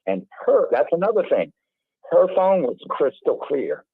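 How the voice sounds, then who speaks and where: A man's voice: on the high side, measured pace, vocal fry, slightly rough, no room sound. Male host, rambling chatty delivery, tinny phone-quality audio, dry. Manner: rambling, repeats words, animated asides. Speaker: livestream host. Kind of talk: casual call-in chat.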